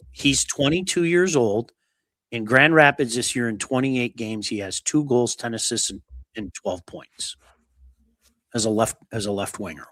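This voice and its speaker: A man with a bright, forceful voice hosts a sports talk show. He talks bluntly and gets animated, and his voice sounds close and dry, with no room behind it. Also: medium pitch, no room sound. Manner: blunt, animated, reads viewer comments.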